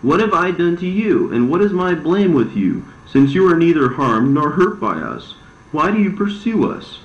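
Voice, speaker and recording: A man's voice: medium pitch, lively intonation, normal speed, slight background noise, close to an everyday voice. A man voicing Adam, the grieving, repentant first man, who speaks in pleading laments. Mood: anguished. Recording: roomy, slightly dull recording.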